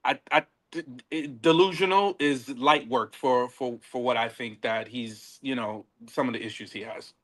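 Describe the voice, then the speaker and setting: A man co-hosting a casual recap podcast, animated, laughing often and stumbling over repeated words. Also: medium pitch, moderate pace. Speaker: podcast co-host. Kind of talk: casual reality-show recap chat.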